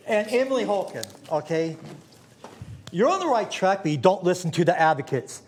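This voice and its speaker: Agitated high-voiced man ranting at a board. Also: expressive, normal speed, a little hiss or hum. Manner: agitated, rambling, swings from muttering to shouting. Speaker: public commenter. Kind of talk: public comment at a county board meeting. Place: county board chamber.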